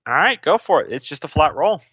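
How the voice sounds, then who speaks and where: A man running a tabletop game as game master, explaining rules in a relaxed way. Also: fairly high pitch, fast, breathy edge, no echo. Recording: dull, dry mic sound.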